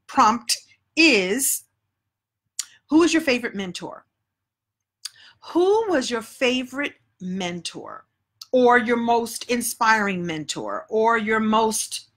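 A woman's voice: mid-range voice, a bit bright. A woman coach talking casually on a phone live stream, a chatty, playful storyteller. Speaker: speaking coach.

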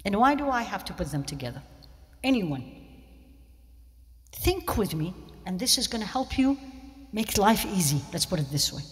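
A woman's voice: medium pitch, big pitch swings, moderate pace, pauses often. A woman giving an interactive religious lecture, often asking questions of her listeners. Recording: long hall reverb.

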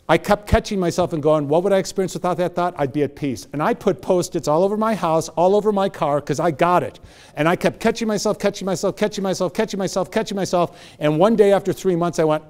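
A man in his sixties giving a live motivational talk, telling stories with lively acted-out dialogue. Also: on the high side, quick pace. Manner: animated storytelling, acting out both sides of dialogues. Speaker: motivational speaker.

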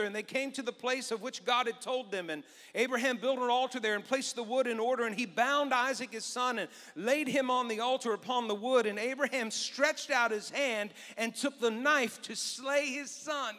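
A male pastor preaching a sermon, telling a Bible story in an animated way and acting out the voices. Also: very high voice, long reverb tail.

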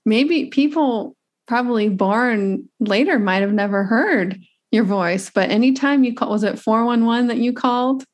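A woman's voice: fairly high pitch, a little slow. A woman in her thirties hosting an interview, chatty and upbeat with frequent restarts. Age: 30s. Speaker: podcast host. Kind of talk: casual interview chat.

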